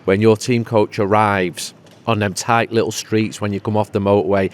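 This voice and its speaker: A man's voice: fairly low pitch, fairly even intonation, normal speed. A man as a regular pundit in casual podcast chat, joking and rambling before turning rousing. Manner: jokey, rambling, then rousing.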